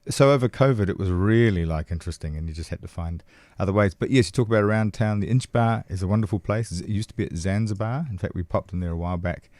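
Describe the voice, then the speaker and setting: A man's voice: lowish voice, fast, few pauses, darkish tone, no echo. A man with a New Zealand accent, a comedian guest telling anecdotes in casual podcast chat and acting out quoted lines. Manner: anecdotal, acts out quotes with shifting voices.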